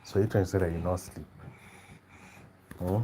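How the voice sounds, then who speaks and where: A man's voice: low-pitched, steady tone, moderate pace, warm tone, slight background noise. A father and channel host chatting playfully with his baby, teasing and coaxing with lots of questions.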